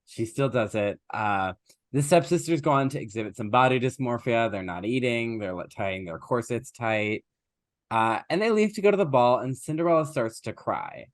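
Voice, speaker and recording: A man co-hosting a podcast, casually retelling a fairy tale and briefly acting out its characters in quick little voices. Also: mid-range voice, no room sound, clean studio sound. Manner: animated, acts out characters in quick voices, laughs often. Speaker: podcast co-host. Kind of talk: casual chat, retelling a story.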